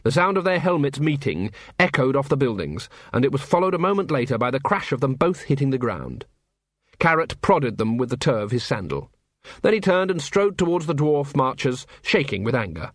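Lively male audiobook narrator, dry sound. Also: mid-range voice, fairly quick, no echo. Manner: lively, voices many characters. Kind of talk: scripted narration with character voices.

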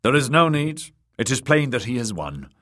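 A man doing a gruff proud old lord. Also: mid-range voice, big pitch swings, normal speed, fairly bright tone, voice pushed up. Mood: grudging. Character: proud blunt older male lord. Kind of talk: audiobook character voice.

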